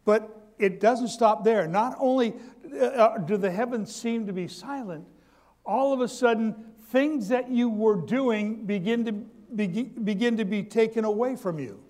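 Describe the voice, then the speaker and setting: A man's voice: sits high, unhurried, darkish tone. A man preaching a sermon who calls out to his congregation for response, stumbles through restarts and repeats his key lines. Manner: stammering restarts.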